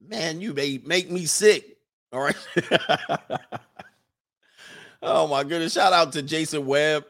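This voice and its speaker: Guy doing a livestream, reads chat messages and laughs a lot, loose and animated. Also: on the high side, takes it slowly, pauses often. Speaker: livestream host reading super chats.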